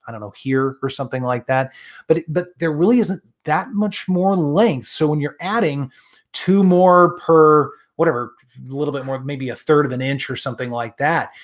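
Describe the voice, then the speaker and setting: A man with a Midwestern accent hosting a live stream, chatting casually with viewers, friendly and rambling with lots of ums and restarts. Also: a little high. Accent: Midwestern American. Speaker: gun channel host answering live chat.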